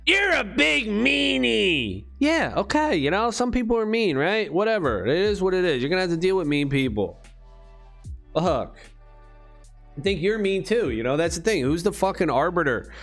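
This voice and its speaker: A man's voice: sits high, expressive, normal speed, soft background music. A man talking to his channel in a rambling, profane monologue full of rhetorical questions. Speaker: crypto vlogger.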